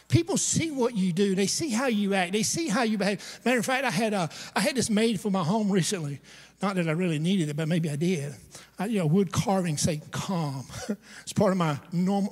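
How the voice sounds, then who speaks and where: A man's voice: high voice, a little mellow, slightly rough. A pastor preaching a storytelling sermon to his congregation, conversational and humorous, with asides to the listeners. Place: church sanctuary. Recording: long church hall reverb.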